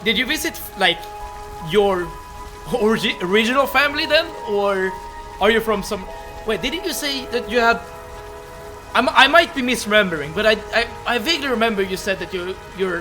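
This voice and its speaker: Bright-voiced Swedish-accented man streaming. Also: high voice, lively intonation, normal speed. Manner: stammering, repeats words, laughs often. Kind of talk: casual live-stream chat with viewers. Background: soft game music.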